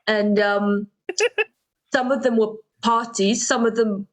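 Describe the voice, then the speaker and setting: A woman's voice: on the high side, slow pace, rough recording. A woman playing an evasive inquiry chief, mock South African. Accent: put-on South African. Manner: giggling, rambling. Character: female senior civil servant, evasive and giggly. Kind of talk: improvised comedy role-play.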